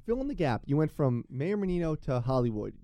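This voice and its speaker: A man hosting a podcast interview, bantering quickly and jokingly about sports. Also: mid-range voice, sing-song, warm tone, dry recording. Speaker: podcast host.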